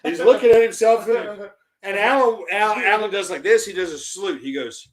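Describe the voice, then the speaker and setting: A man hosting a podcast, telling a crude army story in a profane, animated way. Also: high voice, normal speed, roomy sound, crowd noise, rough recording. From United States. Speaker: podcast host. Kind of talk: casual podcast chat, storytelling.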